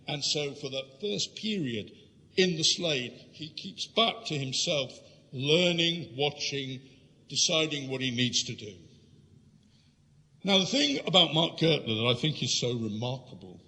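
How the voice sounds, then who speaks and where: Bright-voiced man lecturing in a hall. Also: medium pitch. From London, England. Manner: lively storytelling, addressing the audience directly. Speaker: guest lecturer. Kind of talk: illustrated history lecture. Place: lecture room.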